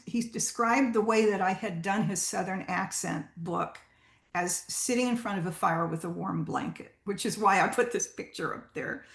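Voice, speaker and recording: A woman's voice: mid-range voice, vocal fry, a bit bright. A woman voice actor giving a chatty, informal talk to a writers group, with many fillers and restarts. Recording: roomy echo.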